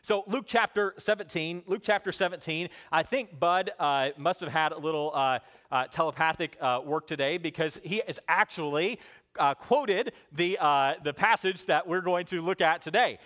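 A man preaching a sermon, swinging between loud calls and hushed lines, and asking the congregation to say the words with him. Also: on the high side, normal speed. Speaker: pastor.

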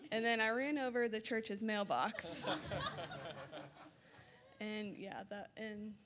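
A woman's voice: mid-range voice, takes it slowly, crowd noise. A young woman casually telling a short funny story, chatty with many fillers and laughing along the way.

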